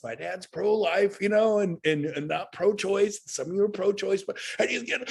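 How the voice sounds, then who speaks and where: Middle-aged male speaker with a rough, husky tone, delivering a punchy, repetitive pep talk over a video call. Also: high voice, brisk, few pauses. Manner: energetic, folksy, emphatic, with repeated phrases. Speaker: guest speaker at a real estate webinar. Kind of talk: motivational talk.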